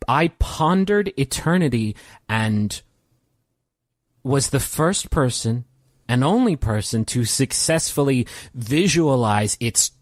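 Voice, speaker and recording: A man's voice: medium pitch, dry recording, voice pushed up. A man doing a weary, brooding immortal. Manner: slow, musing monologue with halting restarts. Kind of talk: in-character role-play.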